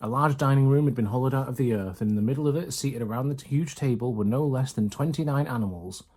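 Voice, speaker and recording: Man reading a storybook aloud, steady, mellow, husky. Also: medium pitch, fast. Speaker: reader.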